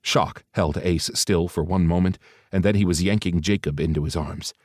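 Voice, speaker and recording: A man reading an audiobook in steady, even scripted narration. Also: deep voice, normal speed, no echo, clean studio sound.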